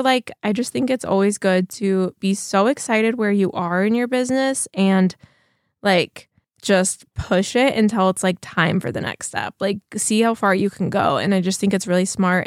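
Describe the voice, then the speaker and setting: A chatty woman talks casually to her viewers, rambling through her stories with plenty of "like" fillers. Her voice is mid-pitched and sounds close and dry, with no room around it. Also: no echo. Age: 30s. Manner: chatty, rambling, heavy use of "like". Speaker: vlogger.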